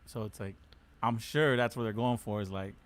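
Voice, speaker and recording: A man's voice: fairly low pitch, fairly even intonation, moderate pace. A man co-hosting a podcast, talking in a laid-back, joking way with many hesitations and fillers. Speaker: podcast co-host. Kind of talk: casual chat.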